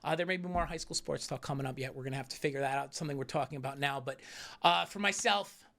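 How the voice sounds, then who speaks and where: Man, sports show co-host, quick talker, bright voice, upbeat self-mocking banter. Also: medium pitch, fairly even intonation. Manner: fast, upbeat, self-deprecating joking. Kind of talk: casual sports chat.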